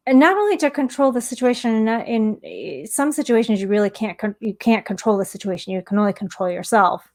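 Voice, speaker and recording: A woman speaks in a relaxed, conversational way, like a mindfulness teacher talking to her viewers. She is candid and open about her own life as she explains her ideas. Her voice sits at an ordinary middle pitch. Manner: candid, conversational, tells personal stories. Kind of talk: casual self-help monologue.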